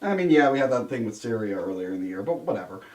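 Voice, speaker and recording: A young man hosting a casual movie review chat, sarcastic and animated, swearing freely. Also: lowish voice, quick pace, recorded from a distance. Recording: roomy sound from off-mic.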